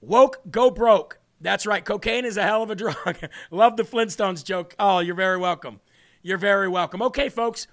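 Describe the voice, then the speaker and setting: Brash high-voiced man with gravelly edge. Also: normal speed, long pauses, a bit bright. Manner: brash, mocking. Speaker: livestream show host. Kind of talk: political livestream commentary.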